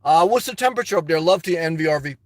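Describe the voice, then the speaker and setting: A high-pitched man rambles through viewer comments on a live stream, joking and laughing easily and peppering his talk with "man" and "guys". He streams from inside a parked car, and the sound is close and dry with no room around it. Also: expressive, rapid-fire, dry recording, soft background music.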